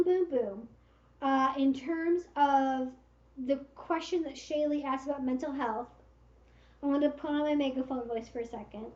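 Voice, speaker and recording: Woman, high voice, frank livestream chat, roomy slightly dull audio. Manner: frank and direct, with many fillers. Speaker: livestream host giving advice. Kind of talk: casual livestream Q&A.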